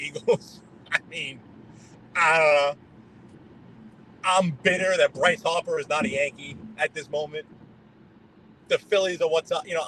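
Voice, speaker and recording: A man's voice: a little high, a bit bright, poor audio. A man, chatting casually with live-stream viewers while driving, greeting them by name and rambling between topics. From New York. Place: inside a car on the road. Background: road and traffic noise.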